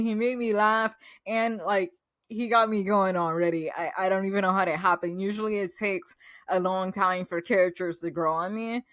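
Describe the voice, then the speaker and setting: A woman's voice: mid-range voice, fairly bright tone, dry recording. Gushing woman vlogger, dry sound. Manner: gushing and enthusiastic, chatty with fillers. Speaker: reaction vlogger. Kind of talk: casual reaction recap.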